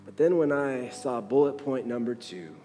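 A man who is a pastor, telling a story in a sermon and acting out the dialogue with lively changes of voice. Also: mid-range voice, normal speed, big-room sound, faint music behind. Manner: animated storyteller, acts out the dialogue.

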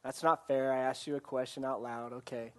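A man's voice: mid-range voice, flat delivery, brisk, smooth. A man preaching a sermon in an earnest way, asking his listeners direct questions. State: choked up, coughing. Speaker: pastor.

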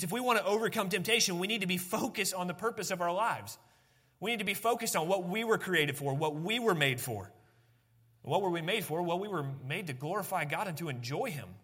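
A male pastor delivering a sermon in a high, bright voice. He talks conversationally, circles back to repeat key phrases, and drops in self-deprecating asides. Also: husky.

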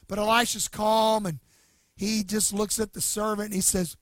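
A male pastor preaching in a very high, bright, ringing voice. He drives points home loudly, then drops to a hushed near-whisper for the solemn lines, in a dry, close sound. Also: fairly even intonation, normal speed, dry recording. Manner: emphatic preaching, swinging from loud to hushed. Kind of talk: sermon.

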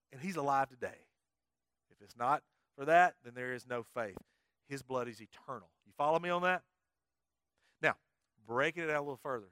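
A man's voice: medium pitch, fairly bright tone, clean tone, no echo, studio quality. A middle-aged male pastor, preaching emphatically and quizzing his congregation. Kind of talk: sermon.

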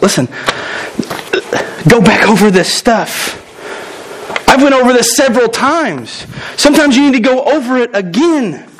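A man in his thirties from the United States, preaching a lively sermon full of quick asides and jokes. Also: extremely high pitch, a little hiss or hum, rough recording. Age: 30s. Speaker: pastor.

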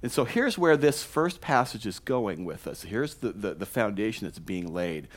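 A man preaching a sermon to his congregation, talking casually with rhetorical questions and many restarts, now and then jumping up in pitch and volume. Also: sing-song, moderate pace. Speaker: pastor.

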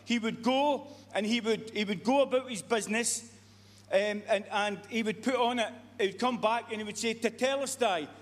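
High-voiced preacher in a reverberant hall. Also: male voice, fairly even intonation, moderate pace. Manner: earnest, repetitive, frequent restarts. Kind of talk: sermon.

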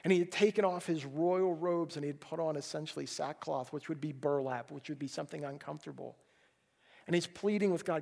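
A man's voice: a little high, fairly quick, vocal fry, a little mellow. A man preaching a sermon at a church service, earnest and pleading, often repeating words as he restarts a thought. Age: adult, a parent. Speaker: pastor.

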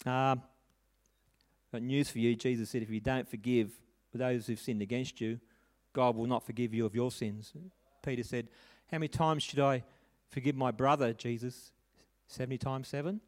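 A man's voice: mid-range voice, steady tone, moderate pace. A middle-aged man preaching a sermon, telling a personal story in an earnest, conversational way with frequent restarts and tag questions.

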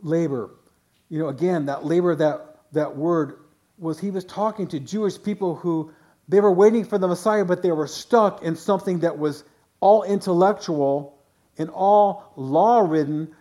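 A man's voice: high-pitched, normal speed, warm tone. A man pastor preaching a sermon in a conversational way, often restarting phrases and voicing quotes.

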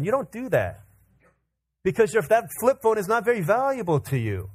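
A male pastor giving a sermon in a lively storytelling manner. He acts out the lines in his stories and often laughs as he talks. His voice sits a little high for a man. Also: fairly quick.

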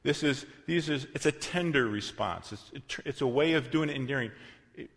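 A man of middle pitch preaches in a loose, conversational way, correcting himself and dropping into asides. He pushes some phrases out loudly and lets others sink almost to a murmur. His voice rings through a long, reverberant hall. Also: normal speed. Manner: swings between loud emphasis and quiet, soft passages. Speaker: pastor. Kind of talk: sermon.

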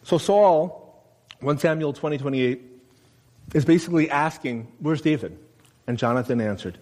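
A man's voice: medium pitch, fairly quick. Man preaching in a reverberant hall. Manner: conversational, asks the congregation questions, acts out quotes loudly. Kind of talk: sermon. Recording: long reverb of a large room.

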